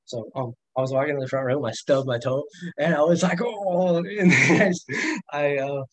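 A man's voice: on the high side, normal speed, no echo, rough recording. A young man casually telling rambling, profane stories on a podcast, laughing often as he talks. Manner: rambling storyteller, laughs a lot, lots of swearing. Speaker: podcast guest. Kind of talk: casual chat.

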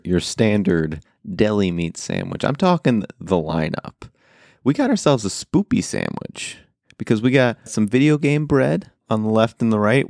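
A man's voice: lowish voice, a little mellow, no echo, clean studio sound. A man co-hosting a casual gaming podcast, playful and joking as he runs through the lineup. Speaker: podcast co-host. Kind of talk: casual chat.

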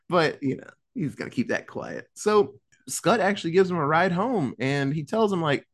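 Casting note: young male podcast host, lively swooping delivery, profane, acts out characters mid-recap. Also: fairly high pitch. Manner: animated, profane, acts out characters in quick asides. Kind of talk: casual storytelling recap.

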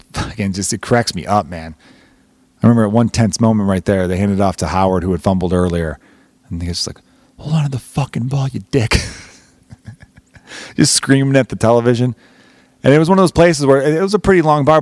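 A man's voice: medium pitch, a little mellow, no echo. A man hosting a podcast, rambling through a casual comedic monologue with plenty of swearing. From Chicago. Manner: rambling, profane, jokey. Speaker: podcast host.

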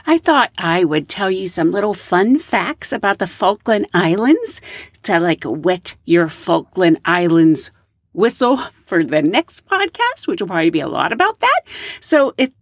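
A woman who lives in the American South, hosting a podcast and telling stories in a casual, animated way, acting out the people in them. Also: mid-range voice, measured pace, dry recording. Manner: animated storyteller, acts out quoted voices. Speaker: podcast host, flight attendant.

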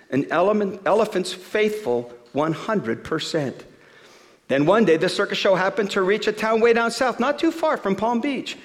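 High-voiced man preaching in a big hall. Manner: expressive, rhythmic storytelling. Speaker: pastor. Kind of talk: sermon with a storybook reading.

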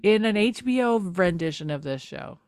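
A young woman co-hosting a casual podcast, recapping a TV episode in an animated, exasperated way, with lots of "like". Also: mid-range voice, moderate pace, dry recording, studio quality. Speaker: podcast co-host.

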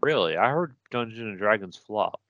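A man's voice: lowish voice, animated, normal speed, fairly bright tone, no echo, highs cut off. A man co-hosting a podcast, chatting casually and giving strong opinions. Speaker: podcast co-host. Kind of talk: casual chat.

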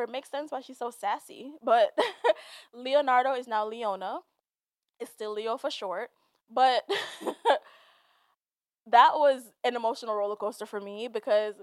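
On a dry recording, a young solo podcast host speaks in a fairly high, clear, resonant voice. She tells a personal story in an offhand monologue, frank and foul-mouthed, tearing up even as she laughs.

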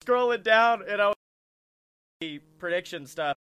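A man hosting a casual wrestling podcast, excitable and quick to laugh, who slips into goofy put-on voices. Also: high voice, clear, resonant tone, dry recording.

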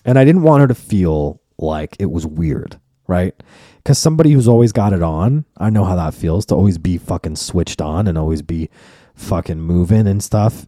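A man's voice: low voice, expressive, moderate pace, mellow, no room sound, studio quality. A man hosting his own podcast in a casual, profane, rambling solo monologue that turns mock-preachy. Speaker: podcast host and comedian.

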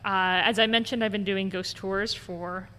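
In a conversational interview, this woman who leads ghost tours tells stories at a moderate pace in a mid-range voice, performing the quoted voices of her characters with real animation. Long reverb and faint background noise color the recording.

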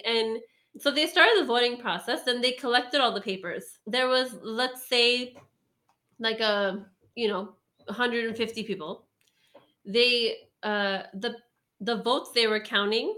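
Woman chatting away, slightly high voice, lots of likes and ums. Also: sharp tone. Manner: rambling storytelling with many fillers and laughs. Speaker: storyteller guest. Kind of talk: casual chat.

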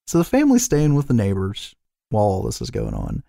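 A man with a lowish voice talks through a film scene by scene in a loose, rambling way, dropping swear words and fillers. The sound is dry and close. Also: wildly swooping pitch, brisk, gravelly, mellow, no echo. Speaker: podcast co-host. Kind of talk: casual chat recapping a film.

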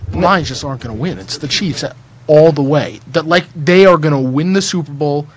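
A man's voice: a little high, fairly quick, breathy edge. A man co-hosting a casual sports podcast, making emphatic, confident predictions. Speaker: podcast co-host.

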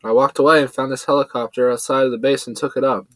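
A man's voice: mid-range voice, steady tone, quick pace, a bit bright, no echo, close to an everyday voice. A man voicing a brash young male pilot who talks bluntly with a raised voice. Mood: urgent.

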